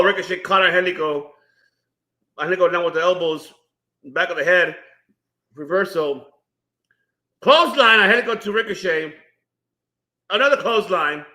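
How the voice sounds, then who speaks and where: A high-voiced man calling the action in an excitable watch-party stream, his bright, forceful tone bouncing around a roomy, echoey space. He breaks into loud reactions and greets chat viewers between moves. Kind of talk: live wrestling watch-along commentary. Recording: roomy echo.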